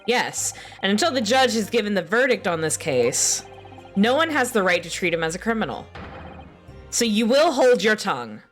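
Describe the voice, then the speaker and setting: A woman voicing a confident young male law student, in a slightly deeper voice with a touch of an accent and a calm, measured manner. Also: faint music behind, natural voice. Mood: stern.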